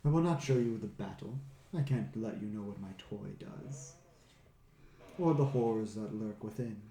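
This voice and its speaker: A man's voice: on the low side, lively intonation, moderate pace, warm tone, reverberant, natural voice. Man voicing a gloating, mocking villain lich. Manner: taunting, mocking.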